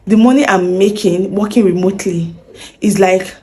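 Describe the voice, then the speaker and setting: A young woman telling a personal story in a casual, animated way, acting out the dialogue. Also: medium pitch, moderate pace, a little hiss or hum. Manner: animated, acts out dialogue with lively voices. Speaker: vlogger.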